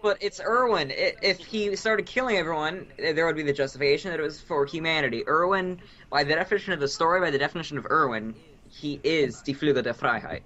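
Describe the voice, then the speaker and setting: A man's voice: on the high side, fast talker, few pauses, pushed and bright. A young man co-hosting a casual fan podcast, arguing his points earnestly and emphatically. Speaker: podcast co-host. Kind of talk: casual chat. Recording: dull lo-fi audio.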